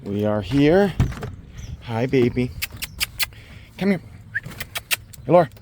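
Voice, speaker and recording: A man working as a dog trainer, explaining his methods while out in a forest and often slipping into high baby talk with the dog. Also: sing-song, slow, background noise. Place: outdoors in a state forest.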